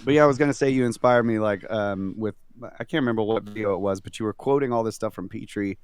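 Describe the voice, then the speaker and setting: Smooth low-voiced man chatting easily. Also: quick pace, no echo. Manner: easygoing storytelling with fillers. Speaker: podcast guest. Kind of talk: casual podcast chat.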